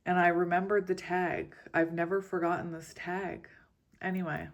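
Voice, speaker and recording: A woman in her forties, chatting in a rambling, casual way with frequent soft laughs as she gives a tarot reading. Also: lowish voice, level tone, moderate pace. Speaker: tarot reader.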